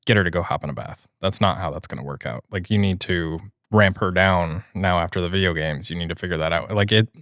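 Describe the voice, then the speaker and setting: A man co-hosting a podcast, reading a post aloud in a steady way and then giving his views in relaxed chat. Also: deep voice, quick pace, hardly any pauses, dry recording, studio quality. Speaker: podcast co-host reading stories.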